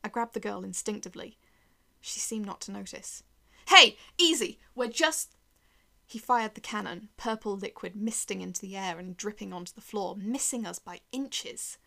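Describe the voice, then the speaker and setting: A woman reads a first-person horror story aloud, tense and dramatic, sometimes sinking to a whisper. Her mid-range voice has a gravelly fry. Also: mid-range voice, steady tone, normal speed.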